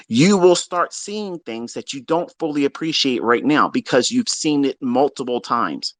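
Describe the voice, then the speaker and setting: A man's voice: mid-range voice, lively intonation, moderate pace, hardly any pauses, no echo. A man who is a trading mentor, delivering a blunt, exasperated rant to his students with heavy swearing. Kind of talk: profane ranting lecture to students. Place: live audio chat room.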